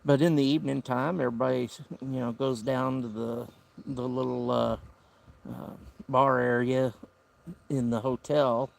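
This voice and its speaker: A man's voice: medium pitch, steady tone, measured pace, vocal fry. A man with a Southern US accent hosting a casual camping livestream outdoors, talking in an easygoing, rambling drawl. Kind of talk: casual live-stream chat. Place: outdoor campsite by the woods.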